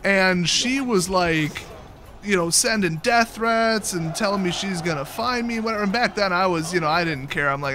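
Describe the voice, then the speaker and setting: A man's voice: sits high, normal speed, noisy background. A man hosting a live stream, telling stories in a loose, laughing, casual chat. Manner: laughing, loose and animated storytelling. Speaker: streamer host.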